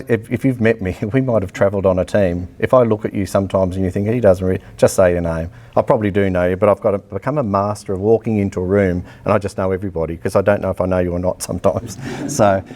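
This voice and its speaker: Blunt Australian man lecturing, dark voice. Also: fairly low pitch. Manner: blunt, animated storytelling with acted-out dialogue and laughter. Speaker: athletics coach. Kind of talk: public lecture, personal story.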